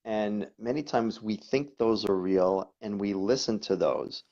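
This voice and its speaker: A man, a guest coach, talking casually and telling stories in an animated way, often repeating words. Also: fairly low pitch, a little slow, creaky. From New York. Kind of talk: conversational storytelling. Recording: dull lo-fi audio.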